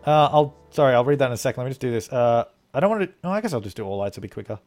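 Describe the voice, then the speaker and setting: A man's voice: mid-range voice, animated, rapid-fire, darkish tone, soft background music. A man from Australia streaming a game live, thinking aloud as he plays and thanking viewers for donations. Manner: rambling, thinking aloud while playing. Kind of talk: live gameplay commentary.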